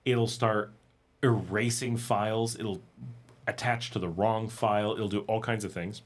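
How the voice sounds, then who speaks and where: Lowish-voiced man chatting on a livestream. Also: measured pace. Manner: conversational, animated, acts out exasperated user quotes. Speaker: livestream host. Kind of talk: casual livestream chat. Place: home in Nicaragua.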